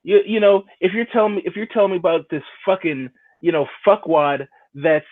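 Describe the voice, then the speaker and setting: A man's voice: high-pitched, fairly quick. A man hosting a casual chat show, talking bluntly and profanely, often stumbling over and repeating his words. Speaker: show host. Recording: tinny phone-like sound.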